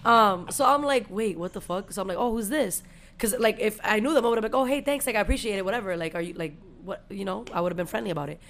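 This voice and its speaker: Speaking quickly in a medium pitch, a young woman hosts a podcast and spins a profane, lively story in loose conversation peppered with curse words.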